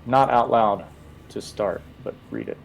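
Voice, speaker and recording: A man's voice: fairly low pitch, sing-song, unhurried, creaky, slight background noise. A man playing a tabletop game who describes his character's actions in a thoughtful, rambling way. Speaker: player.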